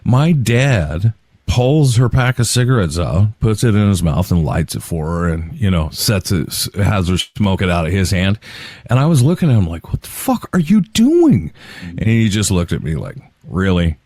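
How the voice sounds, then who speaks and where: Animated storytelling man in his forties. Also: deep voice, moderate pace, no room sound, clean studio sound. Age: 40s. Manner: storytelling, swears, laughs often. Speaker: podcast co-host. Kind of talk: casual chat.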